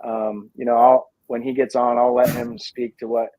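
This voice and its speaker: Male guest on a call, dull lo-fi line, dry sound, measured and hedging, lots of ums. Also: medium pitch, little pitch movement, mellow, no room sound. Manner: thoughtful, hedging, many fillers and restarts. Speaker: guest, pizza dough company founder. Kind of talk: casual video chat.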